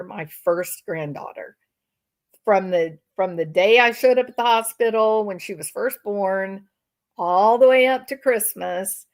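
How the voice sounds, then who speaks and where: Older woman commentator, slow deliberate talk, sarcastic and indignant tone. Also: medium pitch. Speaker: commentary channel host. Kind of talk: reaction commentary to live-stream chat.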